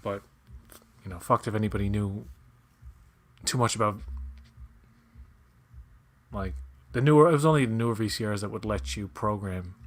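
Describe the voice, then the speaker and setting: A podcast co-host with a lowish voice talks at a normal speed, pausing often, in a casual episode commentary. He rambles and jokes, now and then bursting into shouted movie impressions.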